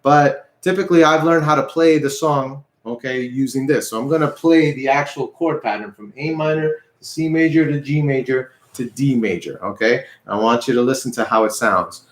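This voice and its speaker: A man's voice: mid-range voice, moderate pace, hardly any pauses, reverberant. A man teaching an online guitar lesson, patient and repetitive, counting beats aloud as he explains. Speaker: music teacher. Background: guitar playing.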